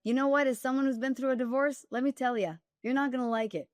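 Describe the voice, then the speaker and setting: A high-sitting, steady female voice moves at a quick pace over a dry recording. She's a dating coach and author, a guest telling stories candidly in an interview, direct and emphatic with a wry sense of humor.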